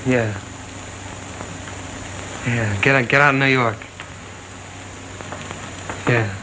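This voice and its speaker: A man's voice: mid-range voice, steady tone, very slow. An actor in a 1930s film playing a nervous young male boxer on the run, who stammers and gets defensive. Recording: old film soundtrack with clear hiss.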